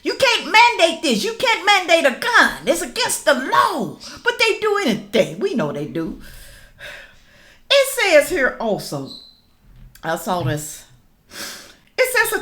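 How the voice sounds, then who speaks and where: A middle-aged woman giving casual reaction commentary, reading news aloud and calling out to viewers as y'all, rising to loud emphatic questions. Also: very high-pitched, wildly swooping pitch, takes it slowly, pauses often. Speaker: political commentary vlogger.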